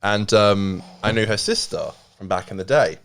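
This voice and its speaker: A man's voice: on the low side, animated, moderate pace, a bit bright, clean tone. A man in his twenties telling a rambling, emotional story on a casual comedy podcast, swearing often. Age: 20s. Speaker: podcast co-host.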